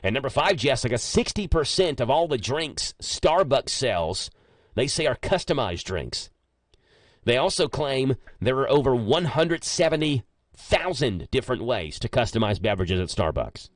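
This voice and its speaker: Man, radio host, joking storyteller, lively swooping pitch, dry close studio sound. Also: normal speed, no echo. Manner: chatty, joking, animated storyteller. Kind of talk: casual morning radio chat. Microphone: studio microphone.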